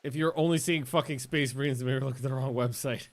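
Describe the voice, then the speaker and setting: A man streaming a game and chatting casually, rambling, swearing and getting excitable. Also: medium pitch, brisk. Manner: rambling, profane and excitable, often laughing. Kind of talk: casual chat while livestreaming a game.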